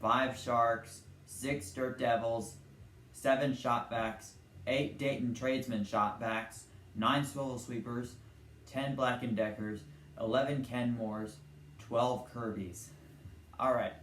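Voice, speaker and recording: A man's voice: medium pitch, steady tone, takes it slowly, fairly bright tone. A young man hosting a casual vlog. He rambles and wanders between topics, retelling cartoon scenes and briefly putting on character voices. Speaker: channel host. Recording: echoey room with faint ambient noise.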